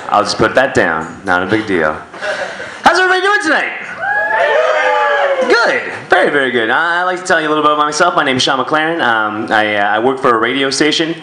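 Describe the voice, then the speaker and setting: A man's voice: medium pitch, wildly swooping pitch, quick pace, noisy background. A man doing a stand-up set on a comedy club stage into a handheld mic, crude and self-deprecating in his storytelling. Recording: echoey club room.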